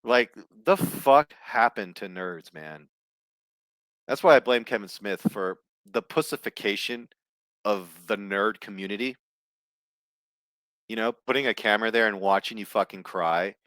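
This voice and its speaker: A lower-voiced man holds forth alone in casual, profane commentary, blunt and sarcastic. The sound is close and dry, with no room around it. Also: measured pace, fairly bright tone, no echo. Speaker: host.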